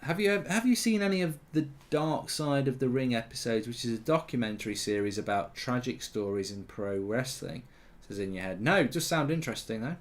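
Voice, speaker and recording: A man's voice: medium pitch, fairly quick. A man hosting a live football watchalong, chatting and answering viewer questions. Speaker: host.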